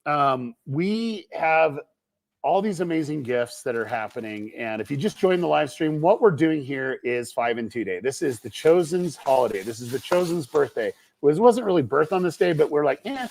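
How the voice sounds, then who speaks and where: A man's voice: fairly high pitch, lively intonation, moderate pace, creaky, a little mellow. A middle-aged man hosting a livestream from a film set, casual, playful and jokey, rambling as he talks. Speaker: show co-founder and livestream host.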